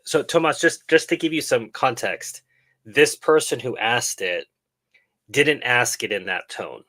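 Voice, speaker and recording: A middle-aged man hosting a live stream and answering viewer questions in a casual, thoughtful way, pausing and restarting as he explains. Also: medium pitch, animated, bright, forceful tone.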